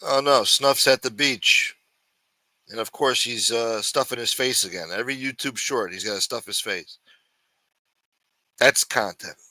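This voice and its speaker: A man's voice: medium pitch, unhurried, pauses often, pushed and bright, dry recording. A man hosting a livestream, rambling in a sarcastic, profane, casual way. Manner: rambling, sarcastic, heavy swearing. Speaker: livestream host.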